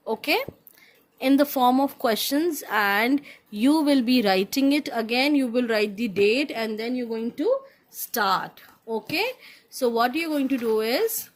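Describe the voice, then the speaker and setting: A woman with an Indian accent teaching a class of young children, patiently repeating instructions, spelling words out and switching between English and Hindi. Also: fairly high pitch. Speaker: primary school teacher.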